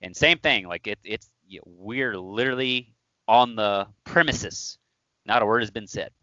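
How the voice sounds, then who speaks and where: Male podcast co-host, animated storyteller, bright tone, dry close mic. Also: fairly low pitch, a little slow, no echo, highs cut off. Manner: animated, laughing, acts out quotes. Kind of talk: casual storytelling chat.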